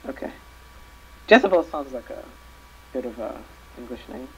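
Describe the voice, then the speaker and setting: A man with a middling, somewhat gravelly voice rambles hesitantly, restarting his sentences as he chats through a game. He talks into a voice-chat microphone with faint noise behind him. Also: medium pitch, sing-song, moderate pace, a bit bright, rough recording. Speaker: tabletop role-play player. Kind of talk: casual chat during an online live game.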